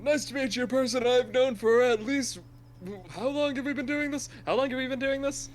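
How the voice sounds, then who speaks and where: A man's voice: fairly even intonation, brisk. A man playing a rambling, jokey, self-important old man in a tabletop game. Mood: cheerful. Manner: high, bouncing old-man put-on voice.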